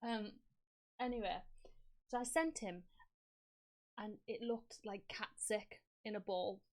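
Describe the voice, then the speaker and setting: A woman's voice: mid-range voice, slow pace. Chatty swearing woman podcast host. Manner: animated storytelling, frequent swearing and laughs. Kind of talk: casual chat.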